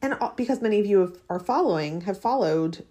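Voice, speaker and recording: A woman's voice: mid-range voice, animated, brisk, dark tone. A woman in her thirties hosting a podcast, talking in a chatty, heartfelt way with many fillers and restarts. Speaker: podcast host. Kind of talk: casual personal monologue.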